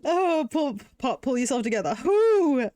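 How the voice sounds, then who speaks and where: Young woman, streamer, high and lively voice, giggly, slow easy talk, dry close sound. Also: dry recording. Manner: giggly, breaks into long laughing fits. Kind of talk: casual chat while building Lego on stream.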